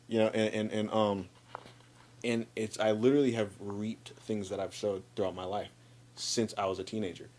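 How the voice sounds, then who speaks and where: A man telling personal stories in a casual chat, animated, restarting and repeating words, acting out what friends said. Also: fairly low pitch, moderate pace. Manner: acts out friends' lines in livelier voice.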